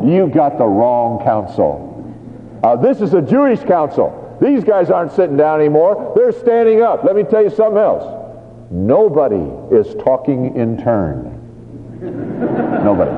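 A man preaching a sermon, telling a Bible story with lively, acted-out scenes. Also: a little high. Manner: animated storytelling, acts out scenes. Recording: tinny phone-like sound in a reverberant hall.

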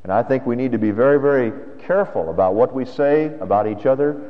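A man's voice: medium pitch, quick pace. Man preaching in a reverberant hall. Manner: conversational preaching with rhetorical questions. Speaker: pastor. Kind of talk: sermon. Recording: dull lo-fi sound with long hall reverb.

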